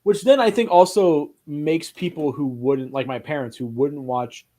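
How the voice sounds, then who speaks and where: An animated man chatting casually on a film podcast. He tells stories with energy and swears freely. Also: a little high, normal speed. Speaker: podcast co-host. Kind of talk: casual chat.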